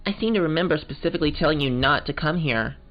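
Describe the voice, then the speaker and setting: A man's voice: on the high side, fast talker, voice pushed up, lightly acted. A man voicing a cold, stern woman who speaks in an icy, clipped way. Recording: muffled, game music behind.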